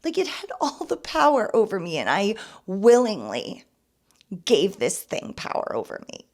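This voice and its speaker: A young woman hosting a podcast, speaking candidly and earnestly about her own past, turning soft and emotional at moments and emphatic at others. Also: medium pitch, wildly swooping pitch, unhurried. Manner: earnest and confessional, swinging between soft and emphatic. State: emotional, near tears at times. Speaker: podcast host. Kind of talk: casual personal testimony.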